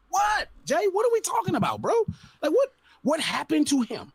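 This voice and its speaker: A man on a podcast ranting loudly and incredulously, with heavy swearing. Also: extremely high pitch, wildly swooping pitch, normal speed, vocal fry, dry recording. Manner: loud, profane, incredulous ranting. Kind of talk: heated podcast rant.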